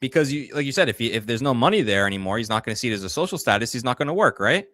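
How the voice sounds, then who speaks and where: Chatty, animated male co-host. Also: medium pitch, very fast, dry recording. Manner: chatty, laughs often, argumentative. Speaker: co-host of a call-in political show. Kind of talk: casual live-stream talk.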